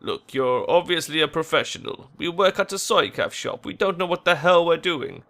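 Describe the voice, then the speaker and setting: A man's voice: a little high, expressive, normal speed, bright, forceful tone, voice pushed up. A man reading game dialogue aloud, voicing a blunt, anxious young man in a plain voice.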